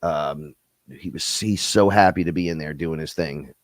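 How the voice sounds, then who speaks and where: Man, very low voice, dry close sound, middle-aged, casual rambling chat, swears a lot. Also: moderate pace, dry recording. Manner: rambling storyteller, swears freely, acts out other people in high voices. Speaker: podcast co-host. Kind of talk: casual live-stream chat.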